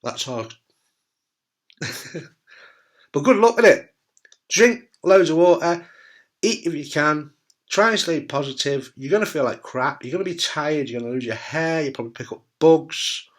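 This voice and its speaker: A man's voice: a little high, animated, a little slow, pauses often. A middle-aged man from the UK, a cancer survivor talking candidly to camera, blunt and jokey, swearing casually and often asking "right?". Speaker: testicular cancer survivor giving advice.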